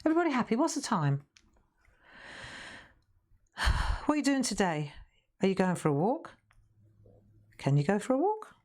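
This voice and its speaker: A woman's voice: mid-range voice, sing-song, normal speed, pauses often, darkish tone. A middle-aged woman, chatting casually and laughing often while demonstrating crafts on a live stream.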